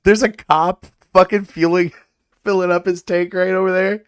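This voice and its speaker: A man's voice: sits high, little pitch movement, moderate pace, clean tone, no echo. A man hosting his own podcast, telling stories in a rambling, profane way and laughing often. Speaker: podcast host. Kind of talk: casual comedic podcast talk.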